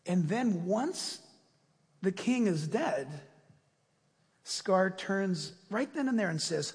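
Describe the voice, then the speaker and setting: A male pastor delivering a sermon and then a fervent, loud closing prayer. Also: high-pitched, animated, slow, long pauses, big-room sound.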